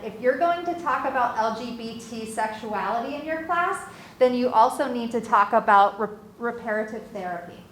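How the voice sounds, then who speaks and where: A woman presenting research findings in an academic lecture, earnestly reading participants' quotes aloud. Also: fairly high pitch. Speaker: guest speaker presenting research. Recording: echoey room with faint background noise.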